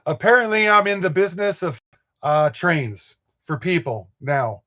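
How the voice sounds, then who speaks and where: A man's voice: sits high, very animated, unhurried, bright, forceful tone. An older man from Montana hosting a live model train stream, chatting in a rambling, folksy way and chuckling as he reads viewer comments. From Montana, USA.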